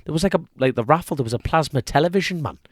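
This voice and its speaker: A man's voice: on the high side, animated, very fast, dry recording. A young man co-hosting a casual podcast chat. He rambles, jokes, loses his thread and laughs often. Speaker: podcast co-host.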